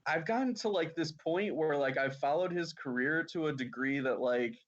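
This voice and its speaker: A man's voice: fairly high pitch, moderate pace, dull audio. A man talking casually on a podcast, rambling and filling his talk with "like.". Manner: laid-back, rambling with many "like"s. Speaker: podcast guest. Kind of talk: casual chat.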